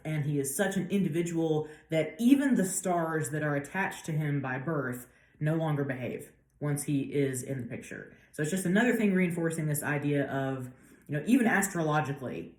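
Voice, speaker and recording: A woman professor giving a casual literature lecture, paraphrasing the text in lively slang. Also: low-pitched, reverberant. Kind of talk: lecture with dramatic readings.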